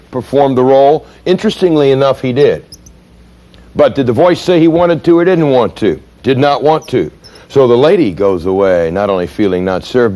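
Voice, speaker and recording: A man's voice: medium pitch, a little mellow. A man giving a training lecture in an emphatic way, often putting questions to his audience.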